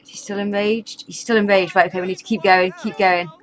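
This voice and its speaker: A woman narrates her life-sim session in a casual, running commentary. She is chatty and quick to exasperation, laughing often. Her mid-height voice comes through a slightly muffled, lo-fi home microphone. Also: medium pitch, steady tone. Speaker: gaming YouTuber. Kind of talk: casual let's-play commentary.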